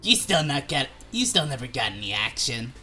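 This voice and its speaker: A woman voicing a brash, sharp-tongued female troll with a dry, mocking delivery. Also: a bass voice, big pitch swings, moderate pace, soft background music, pitched below the performer's own voice, full character voice.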